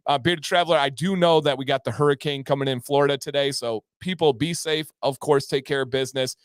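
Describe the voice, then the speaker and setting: Male livestream host, casual and excited, clean dry sound. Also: mid-range voice, quick pace, clean tone, no room sound. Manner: enthusiastic, reads out viewer names.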